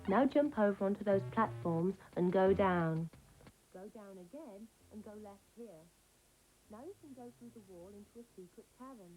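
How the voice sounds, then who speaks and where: A woman's voice: medium pitch, normal speed, darkish tone, lightly acted, low-quality recording. A woman playing a theatrical, vain games mistress who gives out cheats and calls people ducks. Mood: instructive. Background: music under the voice.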